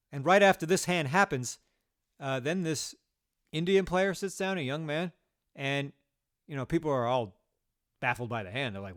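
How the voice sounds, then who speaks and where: A man telling poker stories in a casual vlog, swearing often and quick to rant in exasperation. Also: a little high, a bit bright. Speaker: poker player.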